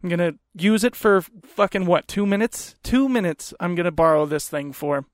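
A man hosting a podcast, telling a story in a profane, animated rant into a close mic. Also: high-pitched, moderate pace, no echo. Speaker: podcast host. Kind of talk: comedic storytelling.

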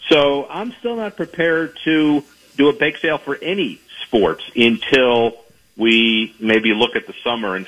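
A man calling in as a sports business guest, measured and hedging with a dry humor. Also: lowish voice, fairly bright tone, poor audio. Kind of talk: call-in analysis.

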